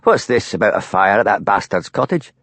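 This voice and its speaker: A man voicing a gruff, scornful old fisherman. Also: on the low side, sing-song, a little fast, a bit bright, dry recording.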